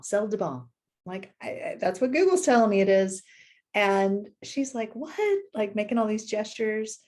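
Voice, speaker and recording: A middle-aged woman, a podcast guest, telling stories in a casual, animated way and laughing easily. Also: mid-range voice. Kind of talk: casual storytelling chat.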